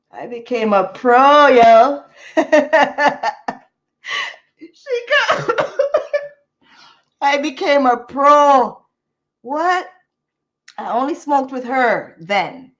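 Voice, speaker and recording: A woman tells a story in a vlog, slow and unhurried, her voice pitched a little high. She repeats her phrases in an animated way and laughs between them. The recording sounds slightly dull and lo-fi. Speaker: vlogger. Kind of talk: casual storytelling.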